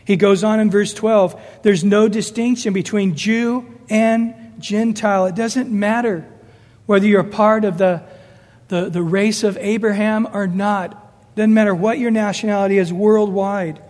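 Emphatic high-voiced male preacher. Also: fairly even intonation, measured pace, a little mellow, in a large hall. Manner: emphatic, rising and falling, acts out quoted voices. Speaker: pastor. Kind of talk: sermon.

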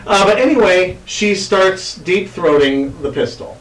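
A man's voice: high voice, animated, unhurried, distant mic. A man hosting a podcast, rambling crudely with lots of fillers, in an echoey room away from the mic. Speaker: podcast host. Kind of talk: casual chat.

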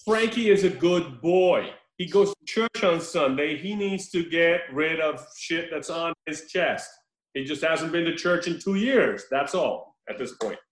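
A man's voice: on the high side, expressive, unhurried. A man chatting casually about a movie on a podcast, laughing often as he retells scenes. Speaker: podcast co-host. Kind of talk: casual movie-review chat. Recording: roomy echo.

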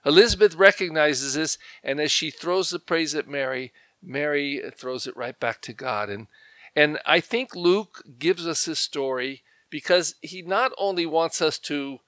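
An older male pastor preaches in a loose, conversational way, leaning hard into key phrases with plenty of ums and restarts. His voice sits a little high for a man. The recording is close and dry, with no room sound. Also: unhurried, no room sound. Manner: conversational, animated emphasis with fillers and restarts. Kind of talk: sermon.

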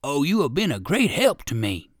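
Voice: medium pitch, very animated, moderate pace, no room sound, studio quality. A narrator voicing a friendly show monkey. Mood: grateful.

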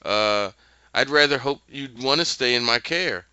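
A man voicing a regretful woman, gentle and pained, in a casual retelling. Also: medium pitch, unhurried, clean tone, no echo, lo-fi sound, voice pushed up.

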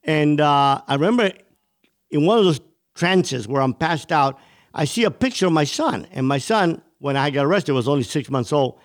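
Intense storytelling man, fairly high voice. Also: lively intonation, moderate pace. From Cuba. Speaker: interview guest. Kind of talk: storytelling interview.

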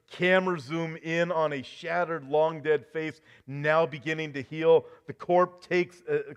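A man preaching a sermon, talking conversationally and telling a dramatic story with rhetorical questions. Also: mid-range voice. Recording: dull lo-fi recording.

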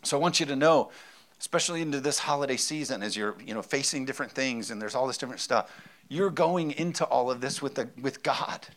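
A male pastor delivers a sermon in a relaxed, conversational tone. He leans hard on his main points and comes back to the same phrase again and again. His voice sits at an ordinary, middle pitch for a man. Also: brisk. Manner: conversational, emphatic, repeats key phrases.

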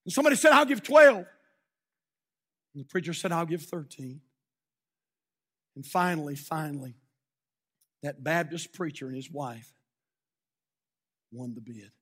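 A man preaching a sermon from a church pulpit, telling a story dramatically with sudden hushed drops and loud shouted peaks, then leading prayer. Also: on the high side, lively intonation, a little slow, long pauses, husky. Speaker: pastor.

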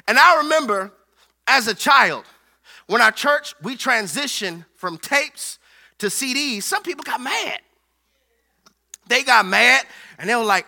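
A man's voice: high-pitched, very animated, normal speed, gravelly, sharp tone. A man preaching a playful, joking sermon who calls out to his congregation. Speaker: pastor.

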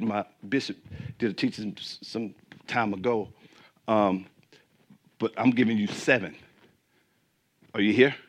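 A man preaching a sermon as pastor, swinging between emphatic peaks and quiet asides and asking the congregation questions. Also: on the low side.

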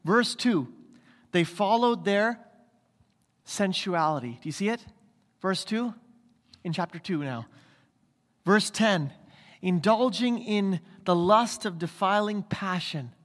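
Male pastor, emphatic sermon delivery, rhetorical questions, high voice, long church-hall reverb. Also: expressive, slow pace, pauses often.

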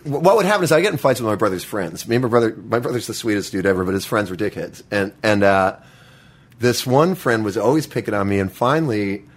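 A man telling a childhood story in a casual chat, halting and restarting often and swearing freely. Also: fairly low pitch, lively intonation. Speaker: guest.

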